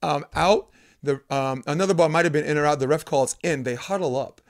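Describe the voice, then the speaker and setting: A man, a volleyball coach, telling a long animated story in a casual chat, acting out what people said. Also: fairly high pitch, brisk. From United States. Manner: animated storyteller, acts out quoted lines. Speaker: podcast guest, volleyball coach.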